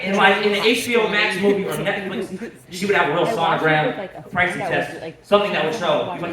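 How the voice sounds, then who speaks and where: Crude high-voiced male stand-up comic. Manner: crude, rapid, laughing at own jokes. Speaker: stand-up comedian. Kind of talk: stand-up set. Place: comedy club stage. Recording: echoey club, distant mic, crowd noise.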